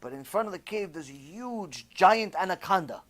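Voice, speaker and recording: A man giving an animated, conversational sermon, telling a story and sprinkling in Hebrew terms. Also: high voice, moderate pace. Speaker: religious teacher.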